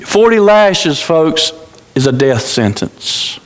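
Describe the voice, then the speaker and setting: A man's voice: on the high side, big pitch swings, slow pace. A male pastor preaching a sermon in a church sanctuary, telling a dramatic story, repeating phrases and restarting his words. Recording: reverberant church hall.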